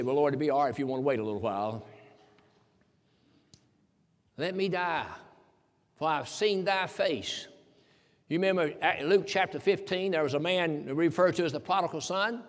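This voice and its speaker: The voice is a man's, fairly high in pitch and fairly bright in tone. Recorded with a long hall reverb, he preaches folksily and emphatically, citing King James scripture.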